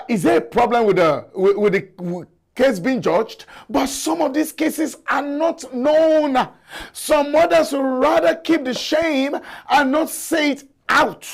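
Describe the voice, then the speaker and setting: A male talk show host with a strikingly high voice speaks slowly and deliberately. He lectures with passion and keeps repeating words to drive his point home. It is a live call-in show monologue. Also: gravelly. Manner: impassioned and lecturing.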